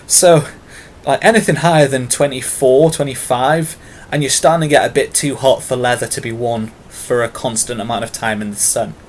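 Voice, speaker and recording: A man's voice: medium pitch, steady tone, moderate pace, slight background noise. A British man talking casually to camera in a tag video, long-winded and full of fillers, with self-mocking asides. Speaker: vlogger.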